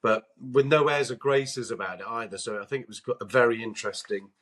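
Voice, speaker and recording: Sex: male. Role: podcast guest and co-host. Style: anecdotal storytelling. Pitch: mid-range. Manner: animated, acts out quotes. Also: a little fast.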